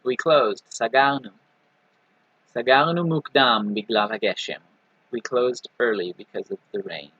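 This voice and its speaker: A man with a bright, forward, slightly husky voice teaches a language lesson in a patient, repetitive way. He checks in often with "right?" and "okay." The recording is dry and a little dull. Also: mid-range voice, no room sound. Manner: patient, repeats example words slowly with many "right?" and "okay". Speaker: Hebrew teacher.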